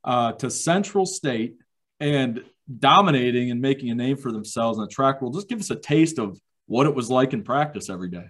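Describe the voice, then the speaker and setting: A man interviewing an athlete, enthusiastic and praising, halting with filler words. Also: medium pitch, expressive, a bit bright. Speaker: interviewer, athletics communications director. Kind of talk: interview questions.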